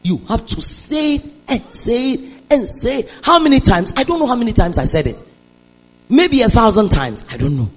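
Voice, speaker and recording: A Nigerian woman preaching a sermon, moving between hushed storytelling and shouted declarations and calling on the congregation to respond. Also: mid-range voice, big pitch swings, moderate pace, husky, faint music behind, poor audio. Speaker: preacher giving a testimony.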